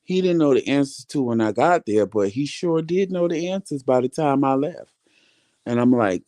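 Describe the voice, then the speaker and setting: A man with an expressive, medium-pitched voice and a dark tone vlogs a long, casual story for his viewers at normal speed. He acts out the conversations he had, quoting many lines, and the recording has no room sound.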